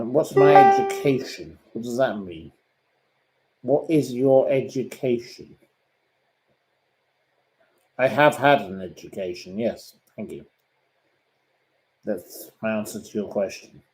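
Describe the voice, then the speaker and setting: Brief: man, host, talks slowly and bluntly, fends off questions with indignation. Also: lowish voice, a little mellow, poor audio. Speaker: host answering viewer questions. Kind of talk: casual live-stream chat.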